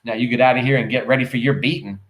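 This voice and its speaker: A man's voice: mid-range voice, steady tone, rapid-fire, close to an everyday voice. A man reading the part of a weary but hopeful young wife and mother, in a roomy space. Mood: stern.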